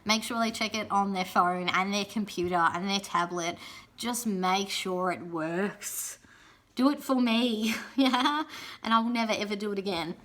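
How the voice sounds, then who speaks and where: A young woman giving chatty, casual advice in a vlog, often checking in with "yeah?" and filling pauses with "um". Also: medium pitch, a bit bright. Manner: chatty, frequent "yeah?" tag questions and ums. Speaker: pole and aerial competition vlogger.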